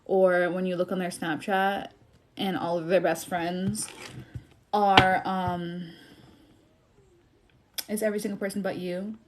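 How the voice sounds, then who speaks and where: A woman's voice: lowish voice, level tone, takes it slowly, pauses often, a little hiss or hum. A young woman giving a casual tarot reading on a livestream, blunt and chatty, apologizing for the bad news she delivers. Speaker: tarot reader.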